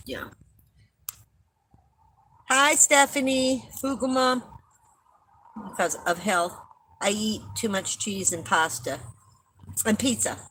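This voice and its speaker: Older woman live-streaming, rambly and chatty, bright tone, frequent coughs, faint hiss behind. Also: medium pitch, poor audio. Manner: rambling, chatty, laughs at own stories. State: coughing often. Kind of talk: casual live-stream chat with viewers.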